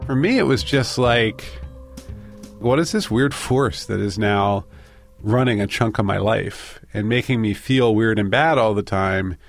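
Gravelly self-deprecating man. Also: on the low side, measured pace, soft background music. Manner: animated, self-deprecating, mimics inner voices. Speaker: interviewee. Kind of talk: candid personal storytelling.

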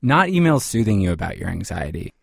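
Low-pitched male reporter, dry close sound, wry scripted narration. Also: very animated, brisk, vocal fry, no room sound. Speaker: podcast host reporter.

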